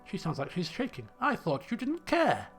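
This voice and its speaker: A man's voice: very high voice, sing-song, normal speed, pushed and bright, soft background music, pitched above the performer's own voice, exaggerated voice. A man voicing a fragile woman who speaks through a crackling phone line, trembling and close to tears. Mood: tearful.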